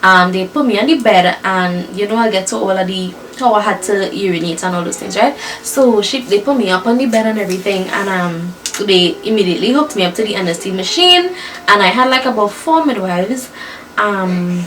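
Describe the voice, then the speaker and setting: A young woman telling her birth story to viewers in a lively, chatty way, often calling them y'all and laughing. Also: mid-range voice, moderate pace, recorded from a distance, slight background noise.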